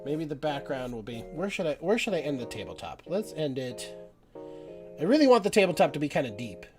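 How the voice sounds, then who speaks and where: A man's voice: fairly high pitch, very animated, brisk, over music. A young man hosting a live painting stream, rambling and self-doubting as he chats with viewers. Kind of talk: casual live-stream chat while painting.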